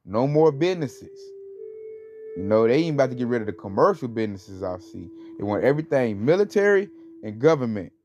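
A man's voice: medium pitch, very animated, brisk, darkish tone. Man, informal preacher, rambling, scornful, lots of fillers, dull lo-fi audio. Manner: rambling, conversational, full of fillers; scornful and emphatic. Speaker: religious teacher. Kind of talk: informal religious commentary. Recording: dull lo-fi recording with faint music.

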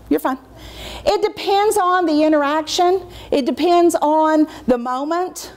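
Woman, workshop presenter, middle-aged, somewhat high voice, lively, acts out quotes to kids. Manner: animated, acts out what she says to kids in a dropped, measured voice. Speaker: presenter at a teacher training. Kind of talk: workshop lecture.

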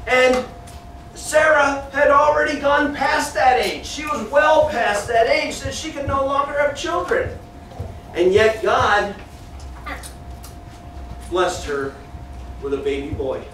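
A man with a strikingly high voice leads a children's Bible lesson, telling the story with animation and breaking off to keep the kids in line. He sounds far from the mic in a very echoey church classroom, with faint noise underneath. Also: slow pace, long pauses, fairly bright tone.

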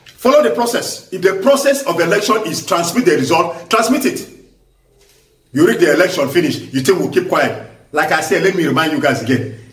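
A man with a Nigerian accent giving impassioned political commentary, forceful and emphatic, hammering points through repetition. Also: on the high side, lively intonation, brisk. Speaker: vlogger. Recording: echoey room, voice distant from mic.

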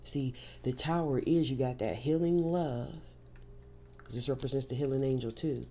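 A woman's voice: a bass voice, normal speed, dark tone, slight background noise. Woman giving an emphatic tarot reading. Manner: emphatic, repeats "see" to drive points home; reassuring, direct address to the listener. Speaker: tarot reader.

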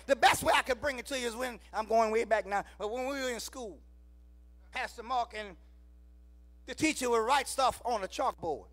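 Man, Southern US accent, call-and-response sermon, very high pitch, tense bright tone. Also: normal speed, faint music behind. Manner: call-and-response preaching, shouts then drops low. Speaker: preacher. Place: church sanctuary.

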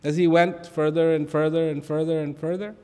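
A man giving a reflective spiritual talk, telling a story with dramatic pauses, repeated phrases and sudden drops to a whisper. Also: fairly high pitch, level tone, a little mellow, clean tone. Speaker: spiritual speaker. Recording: long reverb of a large hall.

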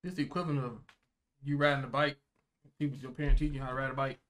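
A man's voice: medium pitch, little pitch movement, very fast, fairly bright tone. A young man co-hosting a reaction video, giving slangy, jokey running commentary as he watches.

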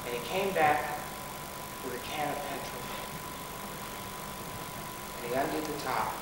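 A man's voice: mid-range voice, measured pace, very noisy. Man telling a story in an echoey hall. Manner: dramatic, rises to pleading shouts. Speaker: speaker at a school assembly. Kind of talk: personal storytelling talk. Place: large school hall. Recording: distant echoey hall recording.

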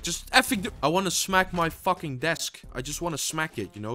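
A man giving live gameplay commentary. He swears constantly and swings between muttering and loud frustrated outbursts. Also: mid-range voice, expressive, fairly quick, few pauses, soft background music. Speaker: gaming video creator.

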